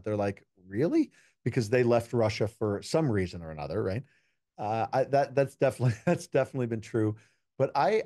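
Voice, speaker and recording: A man's voice: lowish voice, dark tone, dry recording, clean studio sound. A man from the United States, a keynote speaker, talking in a casual interview and telling stories earnestly and reflectively. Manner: earnest, reflective storytelling with quoted dialogue. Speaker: keynote speaker and juggler, podcast guest.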